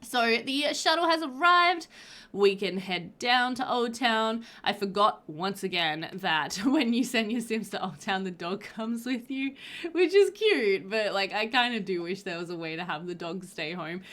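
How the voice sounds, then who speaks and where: A woman's voice: mid-range voice, expressive, measured pace, fairly bright tone. A woman giving a casual voiceover commentary on her gameplay, chatty and rambling with a bubbly manner. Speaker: gaming video creator. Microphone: voiceover recorded after gameplay.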